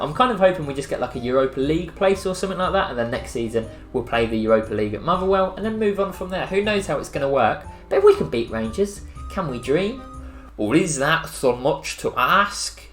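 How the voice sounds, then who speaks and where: A young man commentating on his own football video game play, joking sarcastically and breaking into excited outbursts. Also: mid-range voice. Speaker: gaming YouTuber. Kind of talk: live gameplay commentary. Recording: faint music behind voice.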